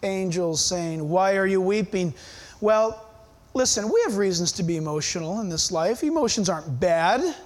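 A man's voice: high voice, expressive, moderate pace. A man preaching a sermon as pastor, emphatic and firing rhetorical questions at his listeners.

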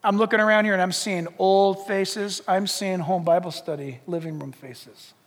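A man preaching a sermon as pastor, animated, acting out little dialogues and rising to shouts. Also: high voice, moderate pace. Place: church sanctuary. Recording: long reverb of a church hall.

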